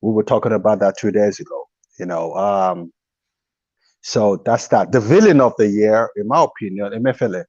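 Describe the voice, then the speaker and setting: A man, a doctor calling in from his office, chatting with exclamations and many pauses. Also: fairly low pitch, a little mellow, dry recording. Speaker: caller, medical doctor. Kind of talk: casual call-in commentary. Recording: dull lo-fi call audio.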